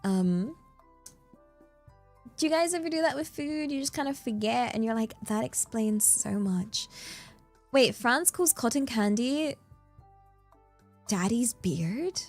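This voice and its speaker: A woman chats on a livestream in a loose, rambling way, full of fillers and playful asides. Now and then her voice jumps up in excited bursts. Soft music plays faintly behind her. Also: sits high, unhurried, pauses often. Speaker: streamer. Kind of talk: casual livestream chat. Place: in Japan.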